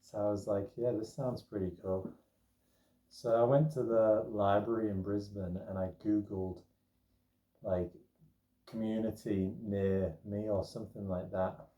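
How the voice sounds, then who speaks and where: A man's voice: fairly low pitch, fairly even intonation, unhurried, warm tone. A young man telling a personal story in a casual, rambling way, with lots of fillers and asides. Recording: echoey room, distant mic.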